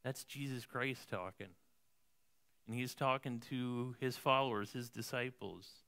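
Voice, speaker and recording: Bright, clear-voiced male pastor preaching. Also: mid-range voice, measured pace. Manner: conversational preaching, tags lines with "right?". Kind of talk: sermon. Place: church.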